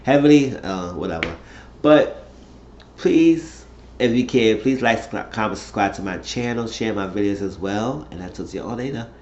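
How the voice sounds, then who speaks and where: A man's voice: lowish voice, expressive, normal speed, darkish tone, slight background noise. A man casually recapping a reality TV episode, rambling through the story in loose, slangy talk. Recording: roomy, dull lo-fi sound.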